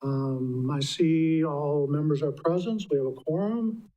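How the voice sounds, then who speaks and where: A man's voice: fairly high pitch, unhurried, mellow, lo-fi sound. A man presiding over a city council meeting in a formal, procedural manner. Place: council chamber.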